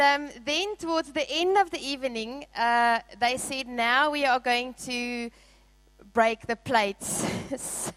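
A woman's voice: high-pitched, fairly bright tone, dry recording, poor audio. A woman pastor preaching a sermon. She tells stories, laughs often and uses many fillers.

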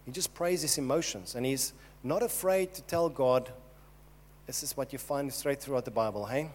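A man's voice: mid-range voice, moderate pace. A man preaching a sermon, earnest and emphatic, speaking directly to his congregation. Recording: long hall reverb.

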